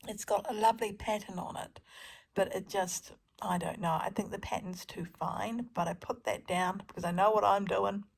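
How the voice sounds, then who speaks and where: Chatty, gravelly-voiced woman. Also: medium pitch, steady tone, moderate pace. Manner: chatty, self-deprecating, with many ums and restarts. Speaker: crafting vlogger. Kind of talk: casual voice-over narration of a craft video.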